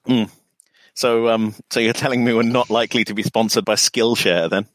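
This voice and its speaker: A man's voice: mid-range voice, fairly even intonation, moderate pace, no echo. A man co-hosting a podcast, chatting casually with dry, self-deprecating humor. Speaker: podcast co-host.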